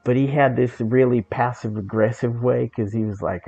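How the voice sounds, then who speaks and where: A man tells a gaming story in a blunt, sarcastic way, swearing freely and restarting his sentences. His voice is dark, husky and a little gravelly. The recording sounds dull and lo-fi, with faint music behind him. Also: medium pitch, steady tone, moderate pace, hardly any pauses. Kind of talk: casual profane storytelling.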